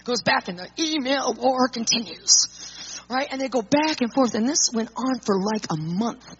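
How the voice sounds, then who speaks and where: A woman speaker telling an animated personal testimony to an audience, acting out the people in it. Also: fairly high pitch, moderate pace, noisy background. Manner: animated storyteller, acts out quotes. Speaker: Christian speaker. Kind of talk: storytelling testimony. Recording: muffled lo-fi recording.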